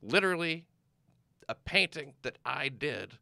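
A man's voice: fairly high pitch, big pitch swings, measured pace, gravelly, bright, forceful tone, no room sound. A man in casual conversation, rambling through stories with lots of fillers and restarts. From United States. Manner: rambling storyteller, trails off with fillers. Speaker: comedian guest. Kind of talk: casual chat.

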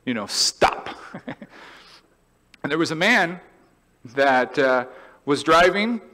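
Animated man preaching in a reverberant church. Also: on the high side, slow. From California. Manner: animated, storytelling, acts out voices and laughs. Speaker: pastor. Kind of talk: sermon. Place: church sanctuary.

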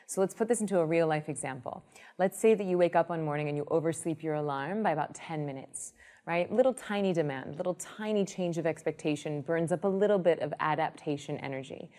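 A woman with a low, deep voice talks through a meditation teaching. She explains in a lively, storytelling way and acts out the people in her examples. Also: a little fast.

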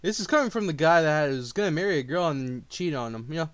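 A man reacting to a diss track in a heated, profane rant that swings between low grumbling and outbursts. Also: sing-song, brisk, hardly any pauses, clear, resonant tone, no echo.

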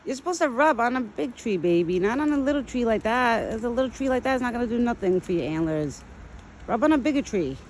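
A woman with a fairly high, very lively voice talks outdoors among trees, cooing and calling to an animal in doting baby talk and laughing often. She is recorded on a handheld phone with faint outdoor noise behind her. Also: fast. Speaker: deer owner filming her pet. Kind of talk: casual vlog narration.

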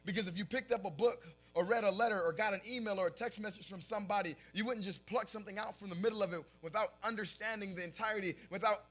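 High, bright-voiced animated young preacher. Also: male voice, quick pace, hardly any pauses. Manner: animated storytelling, often laughing at his own story; casual filler-heavy talk. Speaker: pastor. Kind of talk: sermon.

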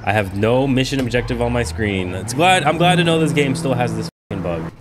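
A young man giving profane, frustrated commentary over his own gameplay, now and then yelling. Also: mid-range voice, animated, brisk, noisy background. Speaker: gaming YouTuber.

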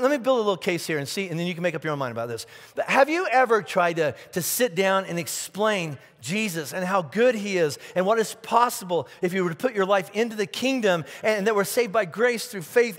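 A man preaching a sermon as pastor, animated, asking rhetorical questions and often repeating his words. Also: sits high, long reverb tail. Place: church auditorium.

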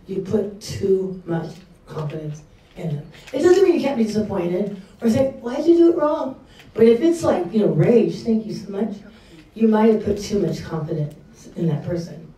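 Middle-aged lady preaching casual and candid, mellow voice, sounds far off in a big echoey room. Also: mid-range voice. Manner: candid, chatty, acts out her own reactions. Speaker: speaker at a church women's session. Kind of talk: conversational sermon. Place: church hall.

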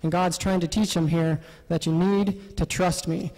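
High-voiced man teaching a Bible study. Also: normal speed. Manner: animated, often laughing, acts out quotes. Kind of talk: lively Bible study talk. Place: parish hall. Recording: long hall reverb.

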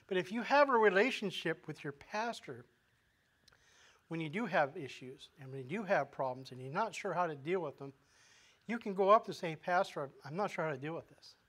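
A man with a fairly high voice for a man preaches a sermon in a relaxed, conversational manner. He asks the congregation questions and often restarts his words mid-phrase. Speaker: pastor.

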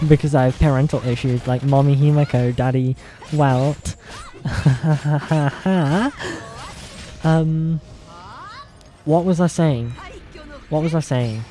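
A woman streaming casually, rambling and cursing between giggles as she practises a higher voice. She talks at a slow, unhurried pace in a soft, mellow tone. Faint music plays underneath. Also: fairly even intonation. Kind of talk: casual livestream chat.

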